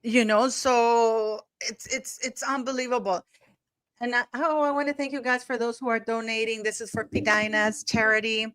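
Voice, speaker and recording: A woman's voice: on the high side, steady tone, normal speed, a bit bright, clear, resonant tone, no room sound. A woman co-hosting a live stream in casual chat. She thanks viewers often and laughs easily.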